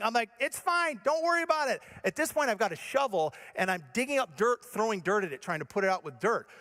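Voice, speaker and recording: Animated high-voiced pastor telling a story. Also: male voice. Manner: animated, self-mocking storyteller. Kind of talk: sermon with a comic personal story.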